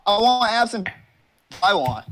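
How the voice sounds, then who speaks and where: A man's voice: high voice, sing-song, unhurried, a bit bright, faint music behind. A young man talking from his car as an interview guest, joking, boasting and rambling with lots of swearing. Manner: brash, profane, rambling comic boasting.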